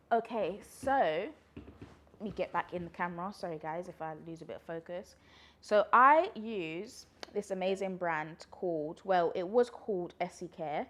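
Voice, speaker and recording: A woman, chatting casually through a pregnancy Q&A vlog, a little out of breath and laughing often. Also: lowish voice. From London, UK. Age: 20s. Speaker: vlogger.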